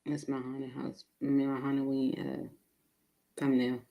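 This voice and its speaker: A woman's voice: a bass voice, monotone, unhurried, gravelly, dark tone. A woman giving a casual live tarot reading, chatty and laughing often, with many fillers. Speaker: tarot reader.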